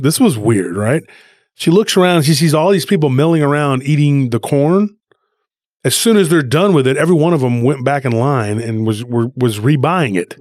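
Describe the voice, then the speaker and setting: A man's voice: on the high side, no room sound, clean studio sound. Rambling man telling a story. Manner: rambling, animated retelling with frequent restarts. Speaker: podcast co-host. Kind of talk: casual podcast storytelling.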